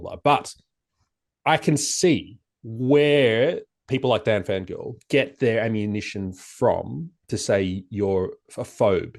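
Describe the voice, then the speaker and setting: A man speaking as a podcast guest in casual chat, animated and halting, acting out quoted exchanges in a raised voice. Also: on the low side, gravelly. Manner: halting, frequent restarts.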